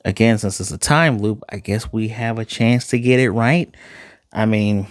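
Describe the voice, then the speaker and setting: A man's voice: lowish voice, moderate pace, dry recording, studio quality. A man from Chicago giving an enthusiastic, casual spoken review of a TV episode, often repeating himself. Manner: enthusiastic, conversational, repeats phrases. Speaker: TV show reviewer.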